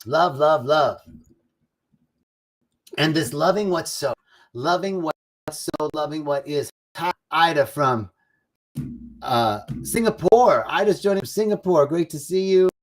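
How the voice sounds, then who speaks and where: A man hosting a live online talk on love, drifting between sung snatches of a love song and easy chat with viewers he greets by name. His voice sits a little on the high side, and he moves between slow, stretched phrases and quick bursts. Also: expressive. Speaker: host of a live spiritual talk. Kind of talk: warm-up singing then casual spiritual talk. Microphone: livestream setup.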